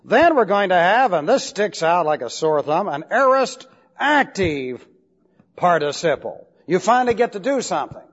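This man has a high, slightly rough, somewhat bright voice with wide pitch swings and a normal pace. Lecturing a class on Bible Greek grammar, he emphatically repeats points and spells out important words, captured in a dull lo-fi recording with long hall reverb.

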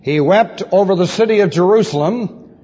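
Guy preaching a slow methodical sermon, husky voice, muffled old tape, big echoey hall. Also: high voice, warm tone. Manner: emphatic, methodical, repeats key phrases. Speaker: pastor teaching doctrine. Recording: lo-fi old recording in a reverberant hall.

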